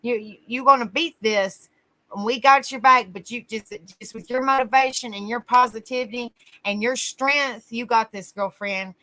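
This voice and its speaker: A woman's voice: on the high side, moderate pace, bright, forceful tone. A woman hosting a casual livestream, greeting viewers by name and calling them honey. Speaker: livestream host.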